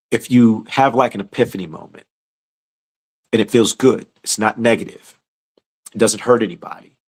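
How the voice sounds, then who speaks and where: A man teaching a scripture study, talking through how to discern inner thoughts and prayer, often acting out quoted prayers, and rising into urgent exhortation. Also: fairly low pitch. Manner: builds from calm conversational teaching to raised, urgent exhortation. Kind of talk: preaching scripture study talk.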